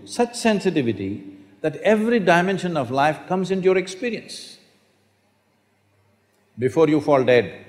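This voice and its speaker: A man's voice: fairly high pitch, darkish tone. An older man giving a spiritual talk to an audience in a hall, telling stories and asking the audience questions. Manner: storytelling, asks the audience questions. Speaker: spiritual teacher.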